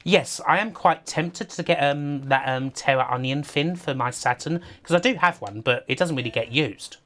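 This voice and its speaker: A man's voice: a little high, normal speed, a bit bright. A man giving casual, rambling livestream commentary over a game, laughing often and talking to his chat. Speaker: streamer.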